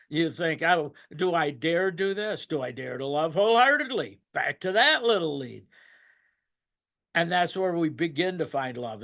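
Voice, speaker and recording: Older man, rambling and emotional, high-ish voice. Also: a bit bright. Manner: rambling, emotional, laughs and chokes up. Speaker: speaker at a recovery meeting. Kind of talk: personal testimony, casual storytelling.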